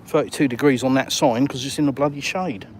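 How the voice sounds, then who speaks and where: A man's voice: medium pitch, brisk. Chatty retired Englishman on a walk. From England. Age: older. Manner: chatty, reads viewer comments aloud, matey. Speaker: vlogger. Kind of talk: live-streamed walk and talk. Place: outdoors by water in a town. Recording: outdoor traffic noise.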